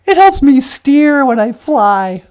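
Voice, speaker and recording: A woman voicing a calm, sensible crow in a told folk tale, friendly and matter-of-fact. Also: sits high, slow pace, heavily acted.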